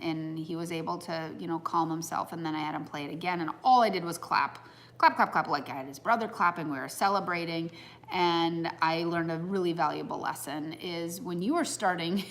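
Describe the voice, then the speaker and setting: A woman's voice: on the low side, fairly even intonation, normal speed. A woman in her thirties giving a casual, reflective talk to an audience on personal growth, earnest and heartfelt as she muses aloud.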